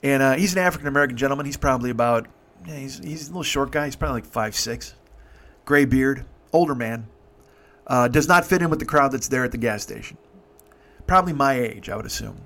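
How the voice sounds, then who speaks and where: A man's voice: mid-range voice, gravelly. A man in his fifties telling a story casually, swearing freely and stopping to restart his sentences. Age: 50s. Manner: profane, halting, animated. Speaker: podcast host.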